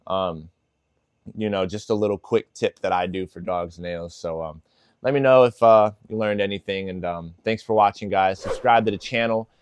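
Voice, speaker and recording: A man with a fairly low voice talks through dog-training tips in an easygoing, filler-heavy way. The sound is dry and close, with no room echo. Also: normal speed, clear, resonant tone. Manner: casual, filler-heavy, with lots of "like" and "you know". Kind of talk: casual instructional talk.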